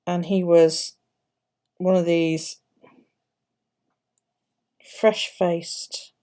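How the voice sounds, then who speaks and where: A woman's voice: on the low side, level tone, extremely slow, warm tone. A middle-aged woman with an English accent, chatting casually and swearing freely while she works on her bullet journal and tells stories.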